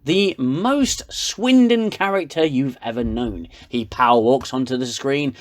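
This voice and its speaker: A man's voice: medium pitch, a little slow. A man giving a sarcastic, ranting comedic recap of a TV episode. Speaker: reviewer.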